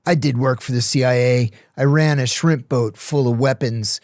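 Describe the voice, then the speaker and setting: A man doing an old lifer who loves to boast, drawing his words out slowly as he brags. The voice is dry and close to the mic. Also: mid-range voice, steady tone, a little mellow, no room sound, lightly acted. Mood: bragging. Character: boastful older male convict, a liar.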